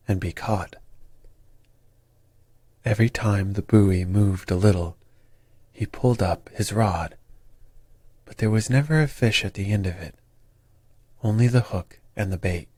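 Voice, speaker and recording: A man narrating a bedtime story in a slow, soothing storytelling manner. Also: low voice, darkish tone, husky, no room sound.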